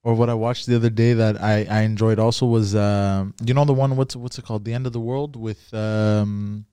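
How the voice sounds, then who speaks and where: A man co-hosting a comedy podcast, telling a story in a rambling, halting way. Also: fairly low pitch, fairly even intonation, dark tone, smooth, no echo. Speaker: podcast co-host. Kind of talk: casual comedy chat.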